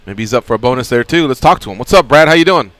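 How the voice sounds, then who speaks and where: Man, radio host, smooth resonant voice, dry studio, casual banter. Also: medium pitch, animated, racing, fairly bright tone, dry recording. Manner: joking, conversational. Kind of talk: casual radio show chat.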